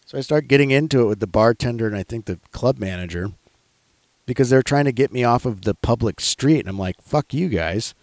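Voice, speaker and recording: A man's voice: medium pitch, fairly quick, a little mellow, dry recording. A man casually telling a rambling, profanity-heavy story in a chat.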